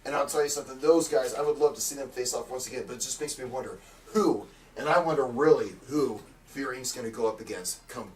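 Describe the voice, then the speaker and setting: A man's voice: medium pitch, fast, recorded from a distance, slight background noise. A man commentating on a wrestling show in a boastful, pompous tone, recorded a bit away from the mic. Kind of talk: bombastic promo commentary.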